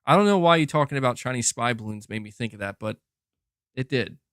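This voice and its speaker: A man's voice: medium pitch, animated, fast talker, fairly bright tone, clean tone, no echo, studio quality. A young man hosting a gaming podcast, casually rambling in reply to chat comments with many restarts and "bro". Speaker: podcast host reading chat.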